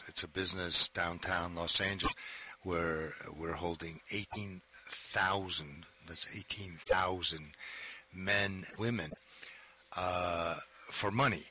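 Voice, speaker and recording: A man talking as a guest on a radio talk show, halting with frequent ums and uhs. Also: sits low, pushed and bright, slight background noise. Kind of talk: casual talk-radio conversation.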